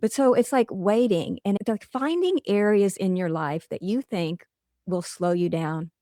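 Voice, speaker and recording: A woman's voice: medium pitch, normal speed, mellow, no echo, studio quality. A middle-aged woman, a guest author, talking earnestly and reflectively in a casual interview, working through everyday examples.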